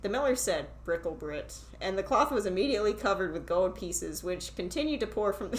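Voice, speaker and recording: Woman, casual fairy tale reading, irreverent asides, lively pitch. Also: a little fast, reverberant, poor audio. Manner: irreverent, laughing, swearing asides. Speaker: reader and host.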